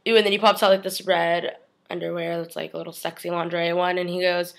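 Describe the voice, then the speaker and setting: A woman's voice: on the low side, level tone, fast talker, creaky. A woman chatting through a casual TV episode recap at home, rambling and filling her talk with "like". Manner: chatty, rambling, heavy use of "like". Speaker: TV recap vlogger.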